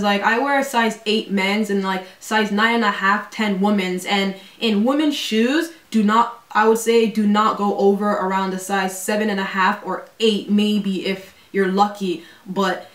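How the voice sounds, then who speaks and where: A woman in her twenties chatting casually for her vlog, dropping "yo", "fam" and "like" all through her talk. Her voice sits at an ordinary middle pitch. She is recorded a bit away from the mic in a room with a clear echo. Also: a bit bright, far from the mic. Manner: slangy, full of 'like' and 'yo', quick asides. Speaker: vlogger.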